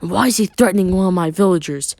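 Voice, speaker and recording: A man's voice: sits high, quick pace, creaky, a little mellow, no room sound, studio quality, voice pushed up. A man voicing a commanding woman leader who demands answers and mutters in whispers. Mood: stern, whispering.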